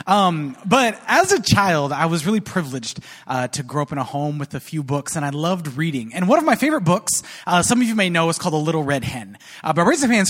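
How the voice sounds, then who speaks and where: A man giving a storytelling sermon to a crowd in a large hall, lively and conversational as he speaks to the audience. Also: a little high. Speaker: guest speaker. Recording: long hall reverb.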